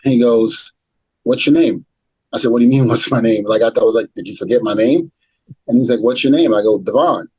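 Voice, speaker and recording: A man's voice: mid-range voice, darkish tone, slightly rough, dry recording, poor audio. A middle-aged man, a retired wrestler being interviewed, telling a story and acting out the dialogue as he goes. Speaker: retired pro wrestler, guest.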